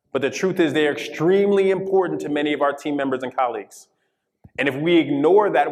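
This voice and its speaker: A man from Colorado giving an interactive diversity workshop, speaking emphatically and checking in with the audience often. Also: fairly high pitch. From Colorado, USA. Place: conference session room. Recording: long reverb of a large hall.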